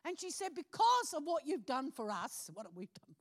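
A middle-aged woman speaks from the pulpit with a notably high voice, sharing a personal testimony. She tells the story with animation, slipping into the voices of the people she quotes. Laughter keeps breaking through her words. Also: normal speed. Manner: animated storytelling, acting out phone calls, laughing often. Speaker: preacher.

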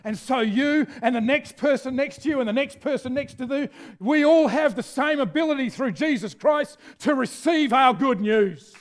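A middle-aged man preaching a sermon with energy, shouting out key phrases. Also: very high-pitched, normal speed, few pauses.

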